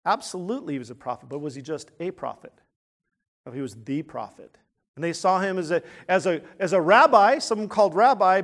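A man preaching a sermon in an earnest way, asking rhetorical questions and swinging from quiet, hushed points to loud, emphatic ones. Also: high voice. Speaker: pastor.

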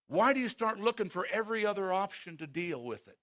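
Male preacher, high voice with a bright edge; booming emphasis that drops to a near hush; quizzes the congregation. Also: expressive. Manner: swings between loud emphatic calls and hushed, slow passages; asks the congregation direct questions. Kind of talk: sermon.

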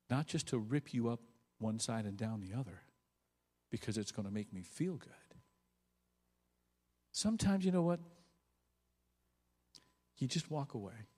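A male pastor preaching a sermon, swinging from loud bursts to quiet, low asides. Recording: long hall reverb.

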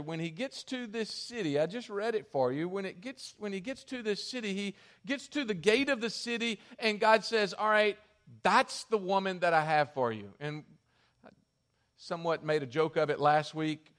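A male pastor preaching a sermon in an animated, conversational way. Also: high-pitched, moderate pace.

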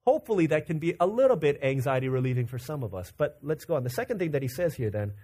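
A man from Virginia preaching a conversational, animated sermon as pastor. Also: on the high side, breathy edge. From Virginia, USA. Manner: conversational and animated, acting out quick character quotes.

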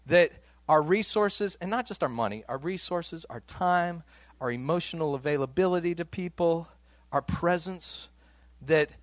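A man's voice: on the high side, no echo. A man preaching a sermon in a conversational way, reading scripture aloud and giving its quoted lines some voice. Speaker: pastor.

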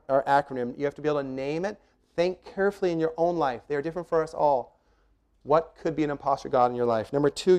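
An earnest, emphatic middle-aged pastor preaches at an ordinary middle pitch, his tone dark and clean. He moves through his points one at a time, frequently pausing on rhetorical questions.

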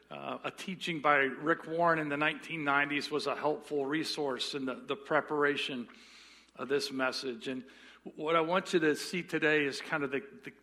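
A man's voice: fairly high pitch, pushed and bright. A man preaching a sermon as pastor, often restarting words and telling folksy jokes.

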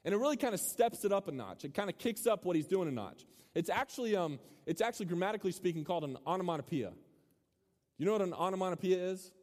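A young man gives a relaxed, joking sermon and keeps tossing questions out to the room. His voice sits a little high for a man. A long reverb trails after each phrase in the big hall. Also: quick pace. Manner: casual, joking, quizzes the audience. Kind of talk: sermon to a student crowd. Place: large hall with a live audience.

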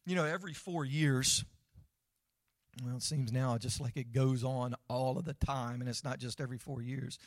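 A man's voice: medium pitch, fairly even intonation, normal speed, no room sound, studio quality. A man preaching a sermon in a conversational way, asking his listeners questions. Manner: conversational, asks the audience questions. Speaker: pastor.

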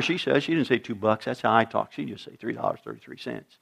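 A man's voice: mid-range voice, quick pace, creaky, few pauses, fairly bright tone. A middle-aged man preaching a sermon, telling stories and acting out the dialogue in different voices. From United States. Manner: storytelling, acts out dialogue with shifting voices. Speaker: pastor.

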